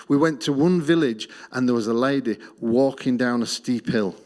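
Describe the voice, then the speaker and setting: A middle-aged man with an Australian accent shares his testimony from a church platform. His voice sits at an ordinary pitch, and he tells his story earnestly, letting it sink low and quiet on the lines that matter most. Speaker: missions speaker.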